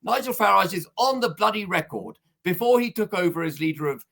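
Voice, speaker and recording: A man's voice: sits high, lively intonation, fairly quick, gravelly, fairly bright tone. A man arguing his case in a heated political discussion, emphatic and insistent, pressing on over interruptions. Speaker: political guest.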